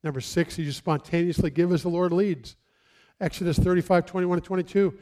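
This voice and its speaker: A male pastor preaching outdoors, acting out stories and quoting scripture with lively emphasis. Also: high-pitched, a little fast. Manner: animated, acts out stories and quotes. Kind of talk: sermon. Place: outdoors near trees.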